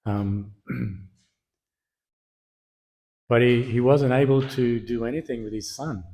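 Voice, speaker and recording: A man giving a scripture class, retelling the story in a relaxed, casual way with many fillers. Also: mid-range voice, slow, rough recording. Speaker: class speaker.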